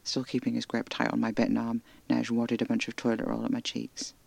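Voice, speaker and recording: Male narrator, horror audio drama: gravelly, hushed, intimate, dry sound. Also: medium pitch, monotone, brisk, no room sound. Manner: hushed, intimate, often breathy whispering.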